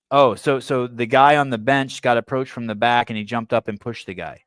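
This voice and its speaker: A man's voice: medium pitch, steady tone, brisk, hardly any pauses, fairly bright tone. A man raised in the San Francisco Bay Area hosts a podcast in a mid-range voice, recorded dry with no room echo. He reads a news story aloud and keeps breaking off into blunt, irreverent commentary. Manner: blunt, provocative, irreverent asides. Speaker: podcast host. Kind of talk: news commentary, reading an article aloud with asides.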